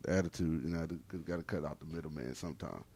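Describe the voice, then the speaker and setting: A man guesting on a podcast as a battle rapper, talking in a relaxed, filler-heavy way. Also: a bass voice, fast talker, husky. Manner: laid-back, filler-heavy talk. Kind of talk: casual podcast interview.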